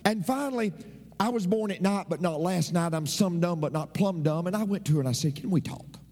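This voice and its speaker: A man's voice: high voice, fairly quick, a little mellow. A man preaching a sermon as a pastor, emphatic and repetitive, his voice swooping up and down. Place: church. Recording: long reverb of a church hall.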